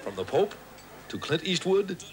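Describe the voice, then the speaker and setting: A man's voice: sits high, very animated, a little slow, over a noisy crowd, heavy background noise. A male news reporter reading an upbeat report voice-over. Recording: TV report with music.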